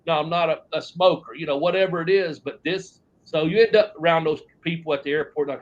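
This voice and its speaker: A man's voice: on the high side, quick pace, muffled recording. A man, a former wrestler telling stories in a long interview, rambling and swearing as he goes. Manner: rambling, profane, trailing off into restarts. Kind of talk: shoot interview storytelling.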